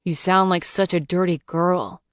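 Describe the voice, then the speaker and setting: A woman voicing a playful, teasing young man in an audiobook, speaking in a low murmur. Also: fairly even intonation, unhurried, no room sound, clean studio sound, natural voice. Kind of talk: audiobook dialogue.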